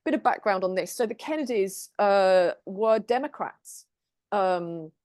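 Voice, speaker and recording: A woman's voice: mid-range voice, expressive, unhurried, a little mellow, no room sound. Chatty British woman co-hosting, dry sound. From Britain. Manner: chatty, many ums and restarts. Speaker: tarot show co-host. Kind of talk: casual group chat, introducing topics.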